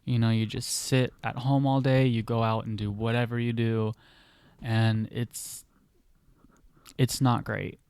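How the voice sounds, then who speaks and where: A man's voice: mid-range voice, flat delivery, unhurried, vocal fry, darkish tone, clean tone, no room sound. A man voicing an exasperated young woman who nags and scolds her brother, in a lightly acted retelling. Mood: scolding.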